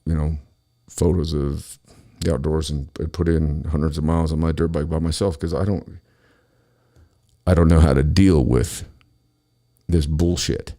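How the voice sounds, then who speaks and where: A man with a very low, gravelly voice rants on his own show. He talks angrily and swears constantly as he vents to his listeners. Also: steady tone, normal speed, pauses often, dark tone. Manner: angry, profane, ranting. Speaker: podcast host. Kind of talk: solo political rant.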